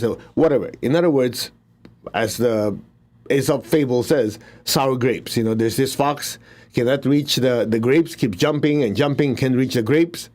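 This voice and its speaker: With a darkish tone and medium pitch, this middle-aged man keeps a measured pace. He leads a spiritual healing session casually, chatting, laughing frequently and making blunt side comments, alternating teaching with invocation.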